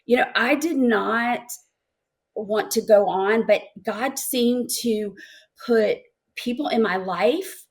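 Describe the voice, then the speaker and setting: Her pitch fairly high, a middle-aged woman appears as an interview guest offering emotional personal testimony, stopping and starting and repeating words along the way.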